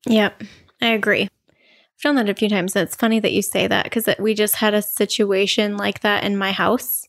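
A woman's voice: medium pitch, flat delivery, normal speed, vocal fry. A woman co-hosting a podcast, chatting casually and candidly, with blunt jokes and stories from home. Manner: candid, jokey, blunt about personal stories. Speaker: podcast co-host. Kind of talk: casual self-help chat.

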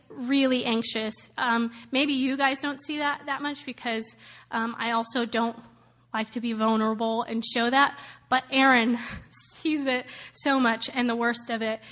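A woman in her thirties with a high, bright, light voice, pitched above most women's, gives a personal testimony in a loose, chatty way. She's animated, uses lots of "like" and "um", laughs often, and acts out the voices of people she met.

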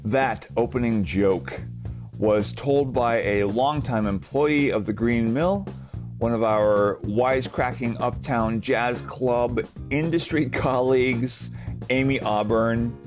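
A man with a mid-range voice hosts the show in a dry, wisecracking way. Guitar music plays clearly under his words. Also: mid-range voice, slow. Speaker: show host. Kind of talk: scripted show narration.

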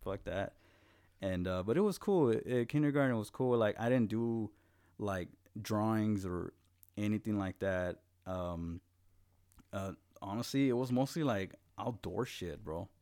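Low-voiced young man telling profane stories. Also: unhurried, dark tone. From Los Angeles. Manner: profane, laid-back storytelling with acted-out quotes. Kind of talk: casual chat.

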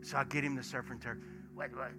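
A man, a pastor preaching in church and acting out stories, swinging from hushed asides to loud bursts. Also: mid-range voice, fast talker. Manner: animated storyteller, acts out dialogue, swings from hushed to shouting. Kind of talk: sermon with storytelling. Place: church sanctuary. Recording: music playing behind sermon. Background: soft worship music.

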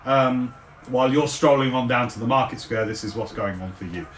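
A man narrating as game master, describing the scene at length with frequent fillers and pauses. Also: mid-range voice, a bit bright, slight background noise. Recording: roomy, distant mic.

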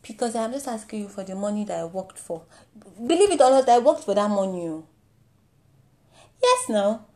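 A young Nigerian-accented woman performs a comic monologue with animated, mock-indignant energy, sprinkling in pidgin and Yoruba phrases. Her voice sits at a medium pitch and she speaks at a moderate pace.

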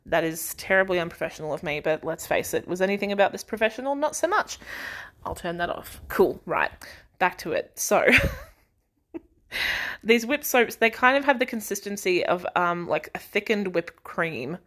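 A woman's voice: on the low side, lively intonation, normal speed, a bit bright. Young woman, chatty rambling podcast host, laughs and sighs. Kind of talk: casual chat.

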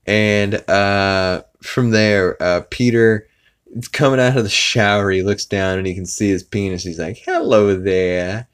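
A man's voice: on the low side, a little slow, fairly bright tone, clear, resonant tone. A man hosting a podcast, casually retelling a cartoon episode in a rambling way, with lots of fillers and laughing along. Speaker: podcast host.

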